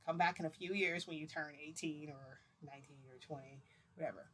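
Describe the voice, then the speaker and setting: A woman's voice: low voice, fairly even intonation, brisk, fairly bright tone, husky. A woman vlogger telling a story to camera in a rambling, chatty way, with fillers and laughs.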